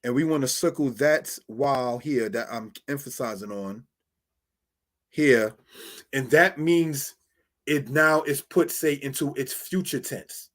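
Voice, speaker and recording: A man teaching Bible Hebrew in a slow, repetitive way, often asking "all right?" and calling listeners brothers and sisters. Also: medium pitch, a bit bright. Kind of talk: screen-share Hebrew lesson.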